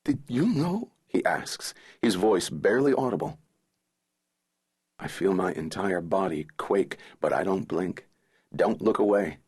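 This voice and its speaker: A man reading a thriller audiobook in the first person, measured and somber. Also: low voice, darkish tone, slightly rough. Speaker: audiobook narrator.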